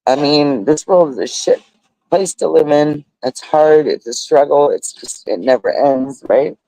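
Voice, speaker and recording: A man's voice: a little high, unhurried, dark tone, no echo, rough recording. An older man from the United States hosting a live stream outdoors, talking in a heartfelt, rambling way, often laughing and saying y'all. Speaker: livestream host. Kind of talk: casual heartfelt livestream chat. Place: outdoors at a beach resort. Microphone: phone.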